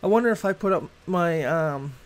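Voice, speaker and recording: A middle-aged man from Boston talks loosely through a gaming livestream, his voice sitting a little high for a man. He rambles from thought to thought, with plenty of filler and cursing scattered throughout. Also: animated, moderate pace, clean tone. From Boston, USA. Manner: rambling, swears freely. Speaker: game streamer. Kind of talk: casual gaming livestream chat.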